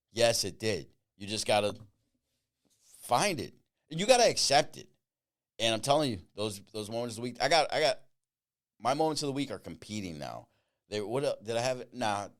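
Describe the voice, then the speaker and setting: A man from the US East Coast hosting his own podcast, talking casually and emphatically in a rambling solo monologue full of asides. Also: mid-range voice. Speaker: podcast host.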